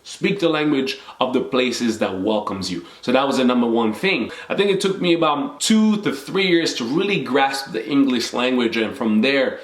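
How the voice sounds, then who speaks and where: This Congolese vlogger, a young man whose first language is French, speaks animatedly at a normal speed with few pauses, his medium-pitched voice echoing in the room. He offers a sincere, reflective, motivational talk to camera organized into numbered points.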